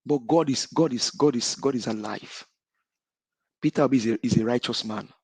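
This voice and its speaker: A man's voice: medium pitch, moderate pace, darkish tone, husky, no room sound. A middle-aged Nigerian man calling in to a show, giving a fervent speech that denounces his targets with repeated declarations. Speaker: caller. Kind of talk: impassioned call-in speech.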